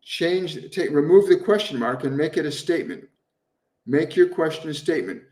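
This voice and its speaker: A man hosting a live stream as a spiritual medium, answering viewers' questions in a gentle, earnest way and repeating phrases over and over for emphasis. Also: a little high, moderate pace, distant mic. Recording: roomy echo, voice somewhat off-mic.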